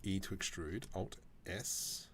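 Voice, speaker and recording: A man with a low-pitched voice chats casually on a live stream as he works, taking his time and answering viewer comments with jokes. There's a little hiss or hum in the audio.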